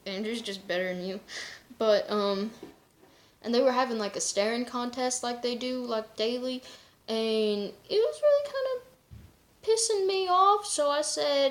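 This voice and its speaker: A woman with a slightly high voice talks casually to camera, rambling and cursing freely. She often breaks into laughter. The sound rings in an echoey room. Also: a little slow. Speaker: vlogger. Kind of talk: casual chat.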